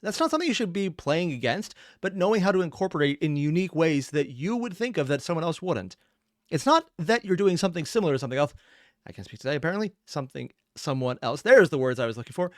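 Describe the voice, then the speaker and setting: A man's voice: fairly high pitch, dry recording, studio quality. A man giving casual reaction commentary, rambling and opinionated with self-deprecating asides. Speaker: reaction streamer.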